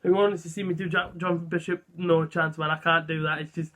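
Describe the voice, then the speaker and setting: A man's voice: a little high, little pitch movement, fairly quick, a bit bright. A young man vlogging in a chatty, self-deprecating way, full of fillers and asides. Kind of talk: casual vlog chat.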